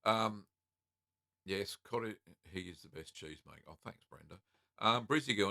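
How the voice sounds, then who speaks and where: Deep-voiced Australian man, easygoing chat. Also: moderate pace, vocal fry, no room sound, studio quality. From South Australia. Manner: relaxed and friendly, many ums and uhs. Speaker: host of a live cheese-making Q&A. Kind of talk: casual live-stream chat reading comments.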